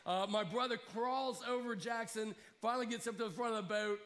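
A man's voice: very high voice, steady tone, a little fast, a bit bright, long reverb tail. A man from Alabama, telling a rambling story in a sermon with many restarts.

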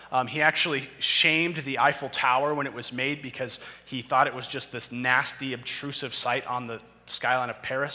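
Guy preaching a sermon, bright sharp voice, big reverby hall, reads scripture then gets fired up. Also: mid-range voice.

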